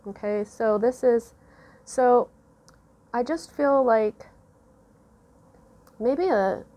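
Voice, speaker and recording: A woman giving a casual tarot reading, musing slowly with many fillers and restarts. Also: fairly high pitch, highs cut off. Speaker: tarot reader.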